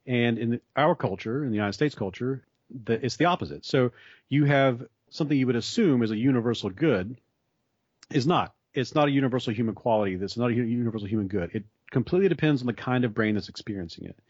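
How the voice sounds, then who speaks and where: A man's voice: medium pitch, fast, a little mellow, no echo. A man in a conversation, explaining ideas at length in a thoughtful way with frequent restarts. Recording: dry, slightly dull sound.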